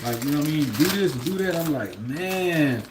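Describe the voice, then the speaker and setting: A man's voice: a little high, animated, normal speed, noisy background. A man, livestreaming from home, rambling in a laid-back way with lots of fillers and laughs. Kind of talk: casual spiritual monologue.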